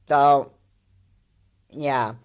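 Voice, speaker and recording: A woman's voice: a bass voice, fairly even intonation, extremely slow, clean tone. A woman giving casual commentary over video clips, rambling and repeating her points with many fillers.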